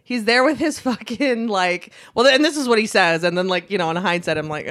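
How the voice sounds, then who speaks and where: A woman's voice: mid-range voice, a little fast, hardly any pauses. A young woman co-hosting a casual chat, telling a story with lots of swearing and laughter. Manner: animated, swears a lot, laughs often. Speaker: podcast co-host.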